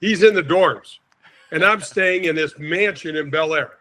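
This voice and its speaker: Older man telling a lively story. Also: a little high, a little slow. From St. Louis, USA. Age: 60s. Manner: lively storyteller, acts out quotes, chuckles often. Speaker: podcast guest. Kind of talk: animated anecdote telling.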